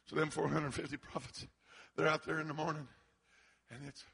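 A man preaching a sermon, acting out the quotes as he goes and breaking into shouts. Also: fairly high pitch, flat delivery, a little fast, creaky, breathy edge. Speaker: pastor.

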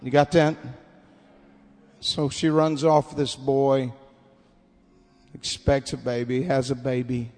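A pastor preaching a camp meeting sermon. He tells a story in a quiet, conversational way. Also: medium pitch, flat delivery, slow pace, pauses often. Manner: builds to shouted preaching, then drops to quiet storytelling. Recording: long hall reverb.

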